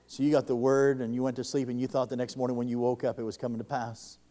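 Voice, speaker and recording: A man's voice: mid-range voice, level tone, quick pace. Fervent male preacher. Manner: fervent, rises loud when quoting others. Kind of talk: sermon.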